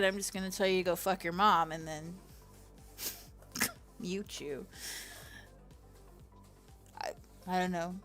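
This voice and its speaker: A woman's voice: medium pitch, fairly bright tone. A woman in her thirties chatting on a livestream, rambling and profane with frequent laughter. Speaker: livestream host. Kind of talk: casual livestream chat.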